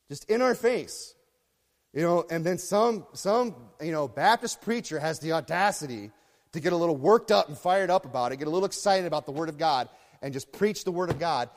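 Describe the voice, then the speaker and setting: A man preaching a sermon as pastor, swinging between low muttering and loud shouting. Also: in a large hall.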